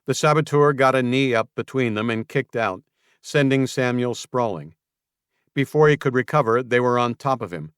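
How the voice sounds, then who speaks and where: A man narrating a post-apocalyptic audiobook in a measured, even storytelling manner. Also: medium pitch, smooth, no echo, studio quality. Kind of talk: scripted narration.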